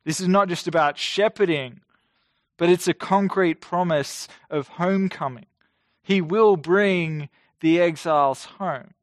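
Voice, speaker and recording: A man in his forties preaching a sermon, measured and emphatic, slowing down to stress key phrases. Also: high-pitched, no echo, studio quality.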